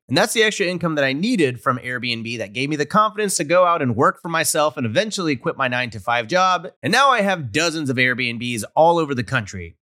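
A man's voice: a little high, sharp tone, no echo, studio quality. A man, a podcast host, reading sponsor ads in an upbeat, playful way. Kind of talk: host-read advertisement.

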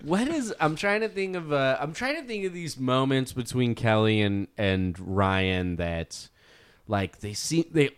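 Male podcast co-host, animated intonation, easy laughter. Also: measured pace, clear, resonant tone. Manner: laughs often, lively pitch. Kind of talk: casual chat.

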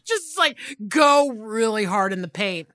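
A woman's voice: on the high side, very animated, takes it slowly, sharp tone, no echo, clean studio sound. A woman co-hosting a podcast in casual chat, laughing and encouraging with short replies. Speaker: podcast co-host.

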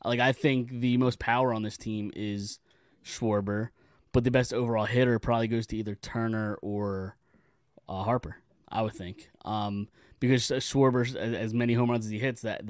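A man's voice: mid-range voice, dry recording, studio quality. A man guesting on a sports podcast, talking casually and at length, often repeating words as he starts a thought.

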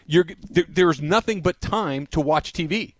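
A man co-hosting a sports radio show, chatting in a loose, animated way, laughing often and repeating himself. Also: a little high, measured pace, no echo, studio quality. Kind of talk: casual radio banter.

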